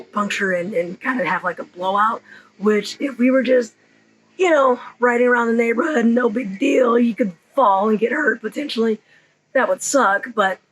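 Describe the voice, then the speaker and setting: Hoarse woman host, husky voice, rambling casual explainer, middle-aged. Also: medium pitch, a bit bright, rough recording. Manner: chatty, rambling with fillers and self-corrections. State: hoarse, partly lost voice. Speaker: channel host. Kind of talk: casual how-to video.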